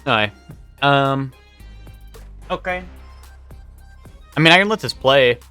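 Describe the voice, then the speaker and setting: A young man chats on a live stream, reading out messages and rambling his answers with plenty of fillers. His voice is bright and pushy at a middle pitch. Faint music plays underneath. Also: animated, takes it slowly, smooth. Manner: rambling, chatty, reads out chat and answers it. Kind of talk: casual live-stream chat.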